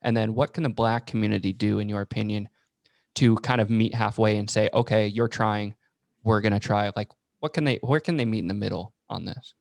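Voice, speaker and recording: A man's voice: on the low side, fairly quick, creaky, a little mellow, dry recording, clean studio sound. A man talking on a podcast, asking thoughtful questions in a casual chat. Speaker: podcast guest.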